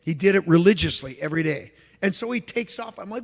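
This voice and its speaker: A man giving a lecture as an animated storyteller, who acts out the exclamations he quotes. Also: high-pitched, quick pace. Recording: long hall reverb.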